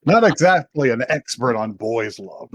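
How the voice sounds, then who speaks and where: A podcast co-host with a medium-pitched, expressive voice takes his time retelling an episode in casual chat, acting out the characters' lines and laughing often. There's slight background noise.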